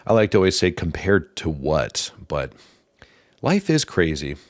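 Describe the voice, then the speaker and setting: A man hosting his own podcast, talking in a calm, thoughtful, casual way with pauses. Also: low-pitched, no room sound, clean studio sound. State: slightly out of breath. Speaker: podcast host. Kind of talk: casual reflective monologue.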